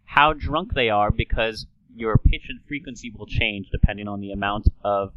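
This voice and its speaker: A man's voice: on the low side, moderate pace, dry recording, muffled recording. A man hosting a talk, explaining speech science in a playful, chatty way. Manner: playful, slips into an old-timey radio announcer voice.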